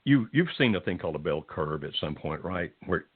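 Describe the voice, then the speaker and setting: A man hosting a call-in show, giving gentle, reassuring advice at a calm, steady pace. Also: deep voice, fairly quick, husky, no echo, narrow, tinny audio. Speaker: radio advice host.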